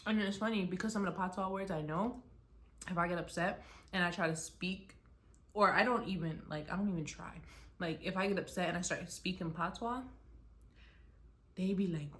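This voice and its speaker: A woman talking casually in a rambling vlog, animated and expressive, slipping into patois-tinged phrasing. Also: medium pitch, normal speed, pauses often. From Texas, United States. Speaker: vlogger.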